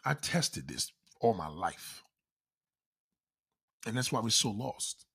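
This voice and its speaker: A man ranting in a loud, profane, comedic style, constantly swearing and acting out quoted voices. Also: on the low side, sing-song, takes it slowly, creaky, slightly rough.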